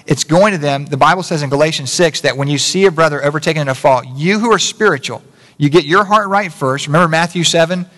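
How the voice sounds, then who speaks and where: Pastor man, kinda high voice, casual sermon, lots of what-ifs, echoey church hall. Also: fast talker, a bit bright. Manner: conversational, self-correcting, rhetorical questions. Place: church sanctuary. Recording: long reverb of a church hall.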